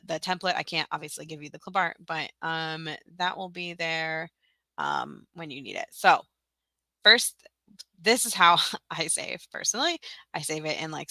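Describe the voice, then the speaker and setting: A woman's voice: sits low, gravelly, pushed and bright, dry recording. A woman giving a casual screen-share tutorial, chatty and scattered, with frequent ums, self-corrections and muttered asides. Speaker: teacher-seller running a tutorial livestream.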